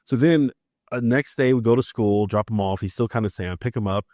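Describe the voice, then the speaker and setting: A man from Maryland hosting a casual podcast, his voice sitting a little low. He tells family stories and slips into the voices of the people in them. The sound is dry and close, with no room echo. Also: a little fast, darkish tone. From Maryland, USA. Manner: chatty storyteller who acts out family dialogue. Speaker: podcast host.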